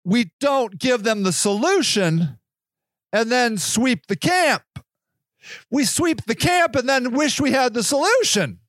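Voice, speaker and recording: A man's voice: very high voice, expressive, slow, a bit bright, no echo. A man hosting a solo podcast, reading passages aloud and then ranting in a sarcastic, profane, heated way. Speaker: podcast host.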